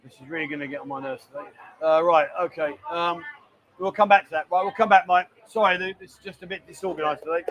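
A man's voice: fairly high pitch, fairly even intonation, fast talker, fairly bright tone, lo-fi sound. A man with a London accent hosting a casual live show, chatty and joking, often calling people mate and darling. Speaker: host. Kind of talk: casual chat.

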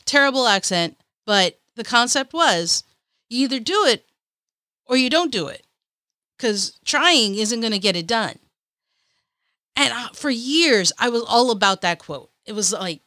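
A woman's voice: on the high side, animated, a little slow, pushed and bright, dry recording, studio quality. Upbeat woman hosting a motivational podcast. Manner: upbeat, encouraging, chatty. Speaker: podcast host.

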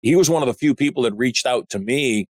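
A man's voice: medium pitch, fast, a little mellow, dry recording. A man hosting a podcast interview in a casual, blunt, opinionated way. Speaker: podcast host.

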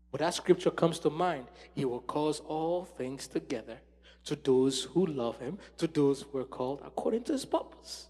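A man preaching a sermon with passion, swinging from loud exclamations to hushed tones. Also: fairly high pitch, lively intonation, moderate pace, slightly rough. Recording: long hall reverb.

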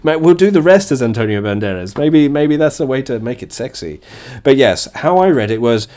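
A man's voice: medium pitch, lively intonation, normal speed, warm tone. A man hosting a casual comedy chat, mocking lines and laughing often between them. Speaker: podcast host.

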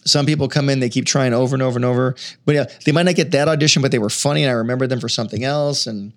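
A middle-aged man chatting as an interview guest, telling stories with animated energy and acting out quotes. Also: mid-range voice, racing, no room sound, studio quality. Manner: animated storyteller, acts out voices and quotes. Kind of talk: casual interview chat.

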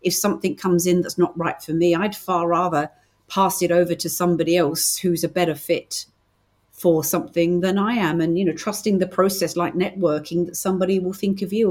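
British lady guest on a podcast, lowish voice, chatty, lots of restarts. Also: fairly even intonation, a little fast. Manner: chatty, warm storytelling with many restarts. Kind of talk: casual interview chat.

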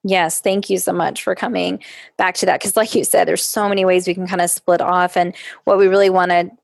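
Woman podcast co-host, gravelly fry, dry close sound, reflective. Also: lowish voice, fairly even intonation, no echo. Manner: reflective, conversational, drawn-out stresses. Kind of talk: casual podcast conversation.

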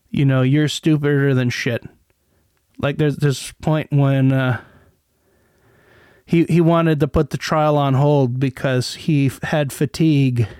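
A middle-aged man talks slowly into a close mic, rambling from thought to thought and cursing freely. His voice is smooth and clear, slightly higher than most men's, and the recording is dry and close. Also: darkish tone, no room sound. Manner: rambling, profane, many restarts. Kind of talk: casual commentary monologue.

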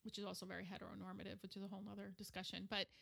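A middle-aged woman telling a candid personal story as an interview guest, animated and acting out what others said. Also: mid-range voice, very fast, vocal fry, slightly rough. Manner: animated, acts out quoted voices.

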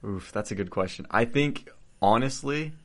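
A man's voice: mid-range voice, moderate pace, a bit bright. A young adult man chatting as a guest, thoughtful and easygoing, often restarting his phrases. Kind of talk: casual conversation.

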